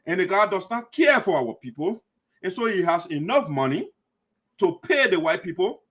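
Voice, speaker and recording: Fiery, high-pitched man ranting. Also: sing-song, normal speed, slightly rough. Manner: fiery and accusatory, repeating lines for emphasis, sometimes shouting. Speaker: host of a diaspora community show. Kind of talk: impassioned political commentary.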